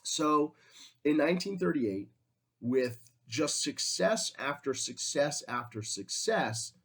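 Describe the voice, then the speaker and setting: A man's voice: a little high, sing-song, takes it slowly, slightly rough. A man teaching a history class in a conversational way, often acting out quotes in different voices. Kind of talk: classroom lecture.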